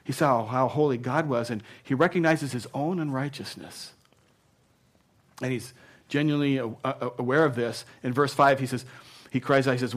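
A male pastor delivering a sermon in an ordinary mid-range voice. He talks casually, with plenty of "you know", then drives his points with loud emphatic bursts and soft, low asides. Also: moderate pace. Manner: emphatic, swinging between punchy loud lines and hushed asides; conversational, with frequent "you know".

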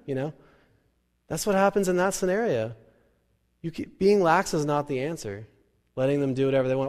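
A man preaching a sermon as a pastor, animated and joking, now and then acting out quoted parents and kids. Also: on the high side, moderate pace, pauses often. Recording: reverberant hall.

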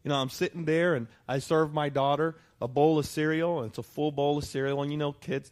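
A man's voice: mid-range voice, a little mellow. A pastor preaching a sermon to his congregation, talking conversationally and often asking them for a response. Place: church.

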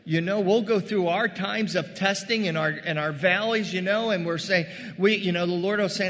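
A male pastor delivering a conversational, animated sermon, calling his congregation "gang" and acting out scripture scenes. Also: high voice, moderate pace, few pauses, in a large hall. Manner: addresses the congregation as "gang" and "guys".

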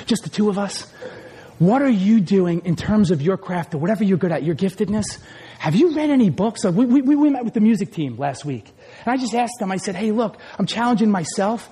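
Loud, passionate husky preacher in a hall. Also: male voice. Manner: loud, passionate, swings between shouting and low asides. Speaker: pastor. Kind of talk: energetic sermon. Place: large hall or church. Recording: echoey hall.

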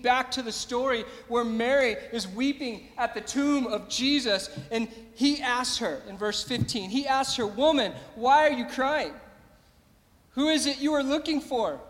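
A man's voice: sits high, fairly bright tone, in a large hall. A man preaching a sermon as pastor, emphatic and repeating his phrases, calling out to the congregation.

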